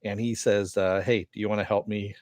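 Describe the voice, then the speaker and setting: A man's voice: fairly low pitch, little pitch movement, fairly quick, darkish tone, no room sound, clean studio sound. A man casually recapping a TV episode in a rambling, filler-heavy way, sometimes swearing. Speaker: reviewer.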